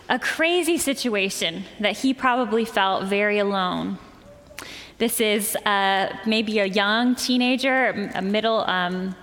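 A woman's voice: mid-range voice, a bit bright. A woman pastor delivering a conversational sermon, telling a story and acting out quoted lines. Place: church sanctuary. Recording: long hall reverb of a church.

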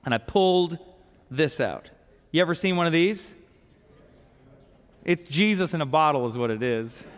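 Pastor guy, middle-aged, high clear voice, folksy sermon story, big hall echo. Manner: folksy, animated storytelling with sudden soft drops. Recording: long hall reverb.

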